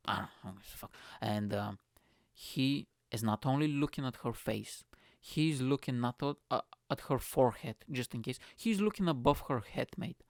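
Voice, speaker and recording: A male comedian hosting his solo podcast, telling stories in a hyper, swearing, fast-running rant on a close mic. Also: mid-range voice, lively intonation, dry recording.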